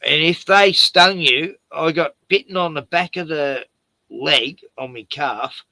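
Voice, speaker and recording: A man telling animated stories in casual chat on a stream, swearing freely. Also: on the high side, unhurried, vocal fry, no room sound, rough recording.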